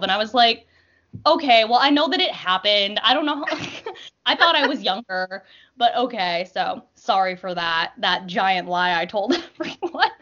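A young woman talking casually, full of filler words and animated retellings. Her voice sits at a middle pitch. The recording is a little dull and lo-fi. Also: moderate pace. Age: young adult. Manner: chatty, lots of fillers, animated storytelling. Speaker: podcast guest. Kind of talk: casual chat.

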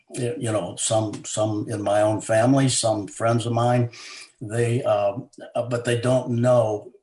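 A low-pitched man talks as an interview guest about a book he wrote. His delivery is earnest, with many fillers and restarts. The room around him rings with a roomy echo. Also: a little mellow. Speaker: author and guest. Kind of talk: conversational interview.

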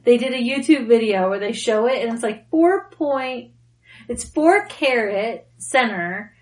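A young woman on a podcast, talking in a relaxed, chatty way. Her voice sits a little high, and she gets excitable as she tells her stories, laughing often along the way. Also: unhurried, low-quality recording. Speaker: podcast co-host. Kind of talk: casual chat.

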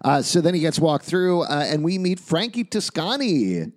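Animated man recapping TV episodes. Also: fairly high pitch. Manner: animated, joking, narrates plot points in quick lists. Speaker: podcast host recapping a TV episode. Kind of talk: casual chat.

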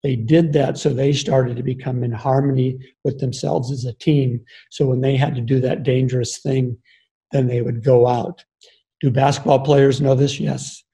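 An older man, a grandfather, giving an earnest, explanatory talk on leadership and the body, often pausing with ums and restarting phrases. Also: mid-range voice, little pitch movement, mellow, poor audio. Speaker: speaker on embodied leadership. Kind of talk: reflective talk.

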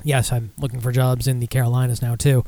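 A man's voice: mid-range voice, flat delivery, fast, mellow, dry recording. A man hosting a podcast, reading news aloud in a loose, casual way with profane, sarcastic asides. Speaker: podcast host.

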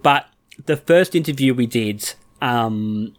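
A man's voice: medium pitch, takes it slowly. A man co-hosting a podcast in casual chat, talking in a dry, matter-of-fact way. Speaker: podcast co-host.

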